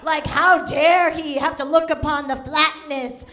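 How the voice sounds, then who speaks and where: High, slow, giggly woman comic. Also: steady tone, background noise. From New York City. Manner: giggly, laughs through lines. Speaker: stand-up comedian. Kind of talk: stand-up routine. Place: comedy club stage.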